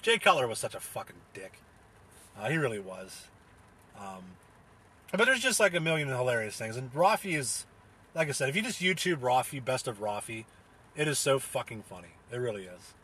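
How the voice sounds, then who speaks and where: A young man with a husky, bright-edged voice talks in a loose, rambling way. He leans on fillers and restarts, laughs through his words and swears freely. His tone stays casual and unscripted throughout. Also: mid-range voice, big pitch swings, normal speed. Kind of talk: casual solo chat recounting a comedy show.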